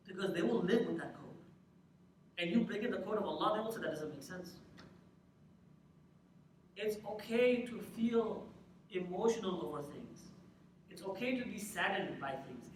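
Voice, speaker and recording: A young man giving a lively religious talk, often firing questions at his audience. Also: sits high, a little hiss or hum. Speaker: lecturer. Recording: echoey hall, mic at a distance.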